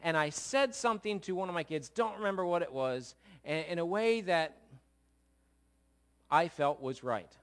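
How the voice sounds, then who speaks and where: A man's voice: on the high side, lively intonation, moderate pace. A middle-aged man pastor giving a sermon in a church, talking conversationally and joking with his congregation. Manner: conversational, jokey, checks in with congregation. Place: church sanctuary.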